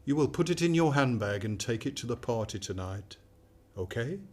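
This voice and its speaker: Sinister AI companion in a radio play, calm and coaxing, mid-pitched male voice , played by a man. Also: moderate pace, natural voice. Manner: calm, soothing, manipulative. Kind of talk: radio drama acting.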